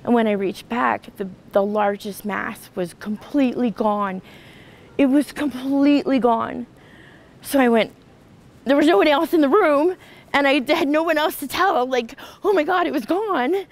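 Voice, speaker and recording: A woman's voice: a little high, a little hiss or hum, poor audio. A woman sharing an emotional personal testimony, earnest and full of restarts and fillers. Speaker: retreat participant sharing a testimony.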